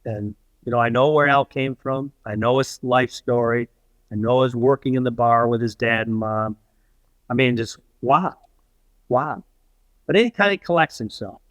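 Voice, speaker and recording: A man's voice: medium pitch, normal speed, dry recording, rough recording. An older man telling a story as an interview guest, animatedly acting out the voices of the people he quotes.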